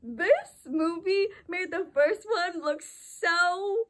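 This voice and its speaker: A young woman chatting casually about a movie, gushing and excitable, full of fillers. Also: extremely high pitch, extremely slow. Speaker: movie reaction host. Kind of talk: casual chat.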